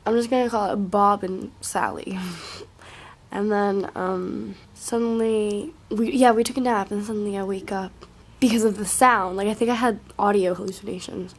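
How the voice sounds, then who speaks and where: A young woman tells a rambling story to her camera in a husky, mid-pitched voice. She peppers it with profanity and filler likes, and often sinks into a hushed near-whisper. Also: fairly even intonation, normal speed.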